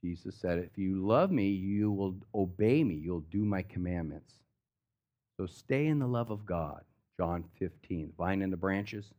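A man's voice: deep voice, a little slow, warm tone. A pastor preaching a sermon, talking casually and with slang, acting out the stories he tells.

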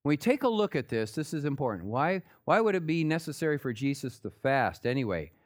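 A man preaching a sermon in a conversational way, guiding listeners through scripture and dropping low and soft on his earnest points. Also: sing-song, brisk. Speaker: pastor.

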